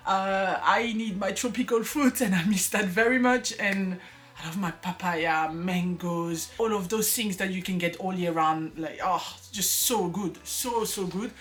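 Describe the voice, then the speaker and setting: Chatty woman vlogger, soft music behind. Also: medium pitch. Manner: chatty, earnest, with frequent laughs and fillers. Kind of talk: casual personal vlog talk.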